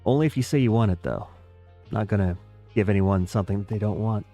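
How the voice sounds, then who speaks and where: A man's voice: fairly low pitch, fast talker, warm tone, soft background music. Rambling American man streaming a game. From United States. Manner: rambling, self-deprecating, talks to chat. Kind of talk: casual live-stream chat while playing.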